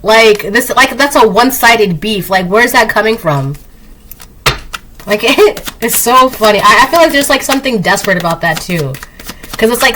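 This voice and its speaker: A woman doing a casual spoken tarot reading, chatty, laughing often and acting out quick quoted voices. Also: a little high, animated, background noise. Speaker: tarot reader.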